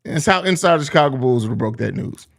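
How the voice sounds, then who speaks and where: A man's voice: mid-range voice, lively intonation, fast, vocal fry. A young man hosting a live sports podcast, reading viewer comments and joking in loose, profane slang. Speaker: podcast host.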